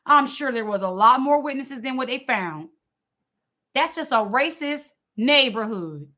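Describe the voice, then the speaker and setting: High bright-voiced woman giving fiery commentary. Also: animated, a little slow. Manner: emphatic, preachy, repeats words. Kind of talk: impassioned commentary.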